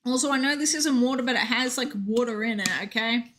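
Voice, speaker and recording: Young woman game streamer, higher and bright, chatty and jokey, reacting to chat. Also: brisk, slight background noise. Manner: chatty, reads chat aloud, joking asides. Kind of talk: casual live-stream chat.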